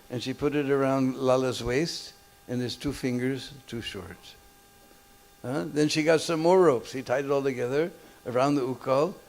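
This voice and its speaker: A man's voice: medium pitch, a little mellow. A man preaching in a temple hall, telling a story and checking with his listeners with short questions and chuckles. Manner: keeps checking listeners with short "hmm?" and "huh?", chuckles often. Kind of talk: storytelling sermon.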